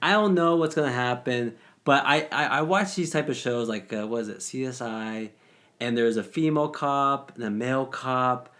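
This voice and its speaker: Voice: mid-range voice, moderate pace, a bit bright. A guest co-host in casual podcast chat, speaking hesitantly and repeating words at the start.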